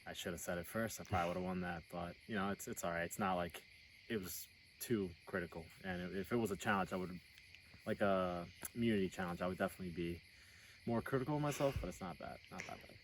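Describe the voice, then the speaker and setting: A man giving a casual confessional interview as a contestant, halting and restarting his sentences. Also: low-pitched, recorded from a distance, a little hiss or hum, low-quality recording.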